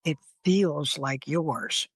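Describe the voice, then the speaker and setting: Man, therapist guest, fairly high voice, animated, blunt, acts out heated exchanges, dry close mic. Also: drawn-out words, slightly rough, dry recording. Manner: animated, acts out angry scenarios with profanity. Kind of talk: conversational interview.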